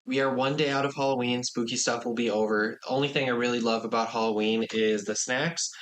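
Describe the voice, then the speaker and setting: A man's voice: medium pitch, steady tone, a little fast, fairly bright tone, a little hiss or hum. A young man co-hosting a casual podcast, easygoing and self-deprecating. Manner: easygoing, self-deprecating, nervous about spooky topics. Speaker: podcast co-host.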